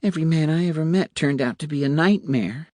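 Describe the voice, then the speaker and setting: A man's voice: a little high, brisk, darkish tone, dry recording, voice pushed up, natural voice. A man doing a wistful young woman.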